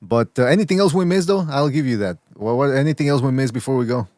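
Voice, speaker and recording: A man's voice: medium pitch, quick pace, darkish tone, no room sound, clean studio sound. A man hosting a podcast, bantering animatedly and laughing often as he talks. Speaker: podcast host. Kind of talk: casual boxing banter.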